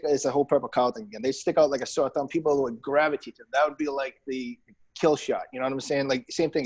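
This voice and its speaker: A man's voice: medium pitch, poor audio. Man, New England accent, casual interview guest, chatty, restarts a lot. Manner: chatty, many fillers and restarts. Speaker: guest, business owner.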